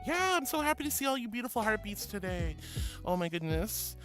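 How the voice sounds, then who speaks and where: A woman's voice: mid-range voice, very animated, a little fast, a bit bright. A woman streamer in casual live chat, sweetly gushing as she reads out chat messages and greets viewers. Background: music.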